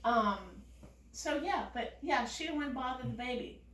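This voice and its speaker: A woman telling a casual family anecdote, animated and often laughing as she talks. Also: sits high, moderate pace, roomy sound, recorded from a distance. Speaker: storyteller.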